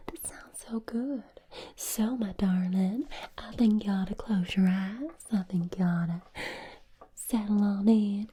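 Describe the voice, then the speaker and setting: A woman's voice: medium pitch, mellow, slightly rough. A woman putting on a doting, sing-song Southern belle with an Alabama accent, in whispered role-play. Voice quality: sing-song, affectionate pet names.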